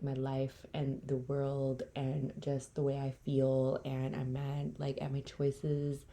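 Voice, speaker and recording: A woman's voice: extremely low pitch, mellow. A woman hosting a solo podcast, talking candidly and bluntly, swearing freely and dropping into whispers mid-rant. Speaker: podcast host.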